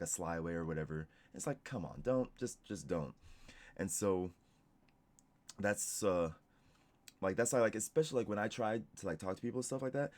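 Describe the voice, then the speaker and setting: Rambling young guy streamer, low voice. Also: darkish tone. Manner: rambling, heavy use of "like" and restarts. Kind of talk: casual reaction commentary.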